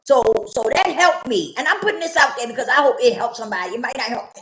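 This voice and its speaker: A woman's voice: high-pitched, big pitch swings, fast, fairly bright tone. A middle-aged woman telling her own story candidly and bluntly, repeating phrases for emphasis and swearing casually. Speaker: vlogger sharing her recovery story. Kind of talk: candid personal testimony. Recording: echoey room.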